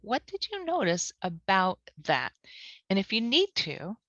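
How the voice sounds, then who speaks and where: A woman trainer leading a guided tapping lesson, calmly repeating short phrases as she walks through the points. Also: mid-range voice, dry recording. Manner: calm, repeats phrases slowly. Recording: dull lo-fi audio.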